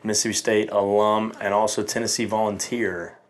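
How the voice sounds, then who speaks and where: Young male guest, laid-back storyteller, lowish voice. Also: flat delivery, brisk. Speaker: podcast guest, football coach. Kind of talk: casual chat.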